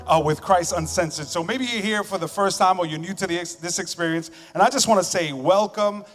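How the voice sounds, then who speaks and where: A male pastor with a somewhat high voice delivers a sermon from a church stage microphone. His voice rings out with long hall reverb over faint music. He talks in a casual, joking way, moving between loud emphasis and soft asides. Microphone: stage microphone with monitors.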